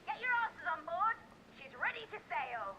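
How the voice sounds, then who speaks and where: A woman voicing a rough-talking, bossy ship captain in a game who barks orders like a pirate. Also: very high voice, big pitch swings, moderate pace, sharp tone, dull audio, slight background noise, heavily acted. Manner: gruff, bossy pirate bark.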